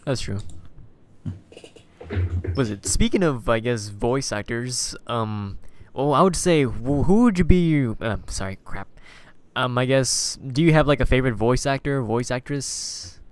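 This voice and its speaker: Male host, casual interview, hesitant and self-correcting, smooth dry voice. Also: medium pitch, unhurried, no room sound. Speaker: podcast host.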